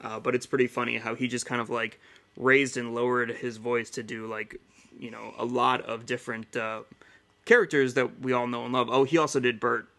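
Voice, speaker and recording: Chatty man with a bright voice. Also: medium pitch, little pitch movement, moderate pace. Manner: rambling, chatty, with fillers and self-corrections. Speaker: podcast host. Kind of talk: casual solo podcast talk.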